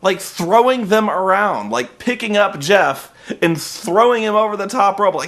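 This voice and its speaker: A man's voice: sits high, animated, moderate pace, fairly bright tone. A man hosting a comedic review, recapping events in an exasperated, profane, sarcastic rant that rambles along on fillers. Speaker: host reviewing wrestling.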